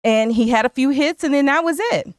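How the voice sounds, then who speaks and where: A woman's voice: high-pitched, fairly quick, no echo, studio quality. A woman co-hosting a podcast, chatting casually about a film and retelling its scenes. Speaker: podcast co-host.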